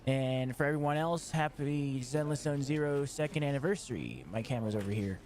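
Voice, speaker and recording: A man's voice: mid-range voice, expressive, fairly quick, darkish tone, soft background music. A man hosting a livestream in casual chat, rambling, swearing and mocking himself. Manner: rambling, profane, self-mocking. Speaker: livestream host. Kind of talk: casual game stream chat.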